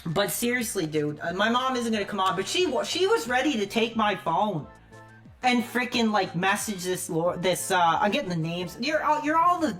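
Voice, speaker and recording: A man ranting angrily on a livestream, profane and shouting at times. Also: high voice. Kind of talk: angry livestream rant.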